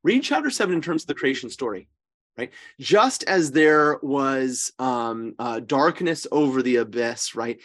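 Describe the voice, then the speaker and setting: A man in the role of a priest giving a relaxed scripture lesson, his pitch sitting in an ordinary middle range. He presses his points hard and keeps checking with his listeners for agreement. He often stops partway through a sentence to correct himself or start again. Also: unhurried. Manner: emphatic, often checks in with "right?" and "okay?". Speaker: priest leading a Bible study. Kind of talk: informal scripture teaching.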